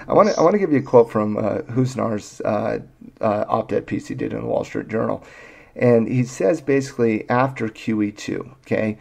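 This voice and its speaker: A man's voice: lowish voice, normal speed, gravelly. A man hosting a casual finance podcast, joking with his co-hosts and reading quotes aloud. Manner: jokey, reads quotes aloud. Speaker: podcast host.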